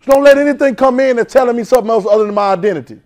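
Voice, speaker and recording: A man preaching a sermon in call-and-response, swinging from loud urging to soft, hushed lines. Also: extremely high pitch, racing, slight background noise. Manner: swings from loud exhortation to soft near-whispers.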